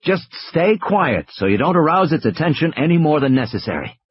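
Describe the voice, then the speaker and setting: A man voicing a calm adult man who gives firm instructions in a storybook reading. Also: on the high side, a little fast, breathy edge, no echo, pitched above the performer's own voice. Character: calm adult man giving orders over radio. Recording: dull lo-fi audio.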